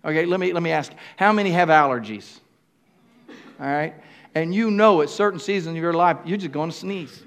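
A man's voice: fairly high pitch, a little fast, a bit bright, smooth. A man preaching a sermon as the pastor of a church, speaking emphatically and calling out to his congregation.

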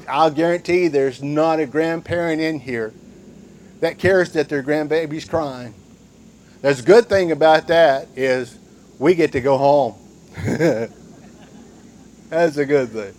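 An older man, preaching a sermon in a folksy, conversational way. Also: sits high. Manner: slow and drawn out. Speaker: pastor.

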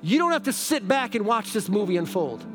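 A man's voice: high voice, very animated, a little fast. A man preaching a sermon, reading scripture aloud and fervently urging listeners to let God love them now. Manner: fervent, exhorting, repeats "now". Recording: background music.

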